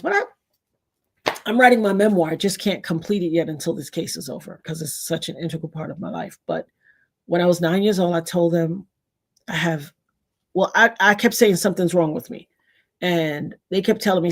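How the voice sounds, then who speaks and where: A middle-aged New York woman hosts a casual livestream with a voice on the low side. She tells personal stories animatedly, acting out quotes and thanking her chat.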